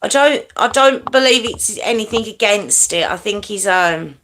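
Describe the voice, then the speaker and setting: A woman hosting a live chat stream, talking casually to her viewers and answering their comments. Her voice is bright and forward, at a middle pitch that leaps up when she teases. She rambles easily and thanks people by name. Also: animated, a little hiss or hum. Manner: chatty, warm to viewers, quick pitch jumps when teasing. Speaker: true crime livestream host.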